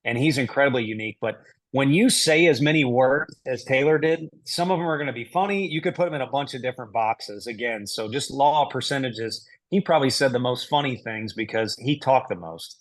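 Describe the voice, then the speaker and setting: A middle-aged man speaking at a middling pitch, talking casually as a guest. He laughs often and works his way through answers aloud, poking fun at himself. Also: brisk. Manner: laughs easily, talks through answers aloud with self-deprecating humor. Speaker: head baseball coach, podcast guest.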